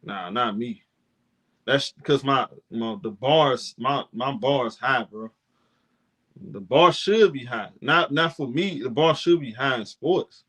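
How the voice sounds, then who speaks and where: A man's voice: mid-range voice, slow pace, fairly bright tone, breathy edge. A young man co-hosting a live sports reaction stream, debating players in emphatic, slangy casual talk. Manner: emphatic, slangy, mocks critics with put-on voices.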